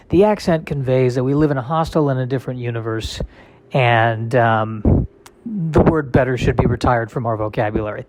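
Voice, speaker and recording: A man's voice: mid-range voice, darkish tone. A male comedian in a casual solo monologue, rambling and self-deprecating with a wry tone.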